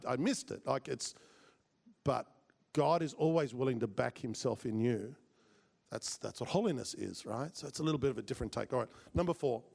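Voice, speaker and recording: A man giving a talk to a business group, telling a story and acting out what people said with lively swings in his voice. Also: vocal fry. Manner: animated, acts out quoted voices with big pitch jumps. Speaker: speaker at a business mastermind.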